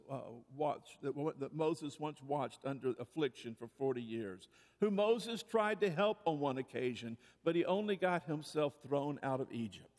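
Male pastor, sermon, earnest and rhetorical, slightly high voice, long reverb. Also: a little mellow. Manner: earnest, rhetorical, repeated questions.

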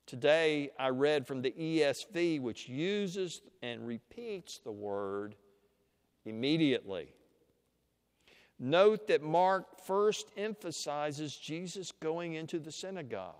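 Guy giving a sermon, slow and deliberate, voice rises and falls a lot, big reverb hall sound. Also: a little high, animated, clear, resonant tone. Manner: slow, deliberate teaching voice with dramatic pauses. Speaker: preacher. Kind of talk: sermon with guided imagination exercise.

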